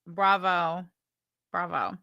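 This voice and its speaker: A woman's voice: fairly low pitch, fairly even intonation, takes it slowly, creaky, bright, forceful tone, clean tone, no room sound, muffled recording. A woman hosting a livestream, bluntly chatting, swearing and thanking viewers for super chats. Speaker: livestream host. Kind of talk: casual livestream commentary.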